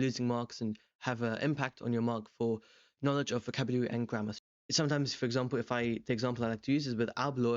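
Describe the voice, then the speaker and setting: A young man tutoring, walking through an exam question in a relaxed, rambling way with many ums and self-corrections. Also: medium pitch, dry recording, muffled recording. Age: young adult. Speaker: language tutor. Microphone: desk microphone beside a webcam.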